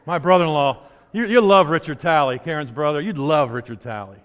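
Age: unknown. Role: preacher. Style: conversational sermon with stories and asides. Pitch: high for a man. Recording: long hall reverb in a church sanctuary. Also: a little fast, a bit bright.

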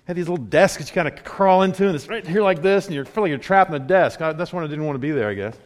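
A man's voice: a little high, racing. Man preaching with long hall echo. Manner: storytelling, swings between hushed and loud. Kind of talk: sermon with personal testimony.

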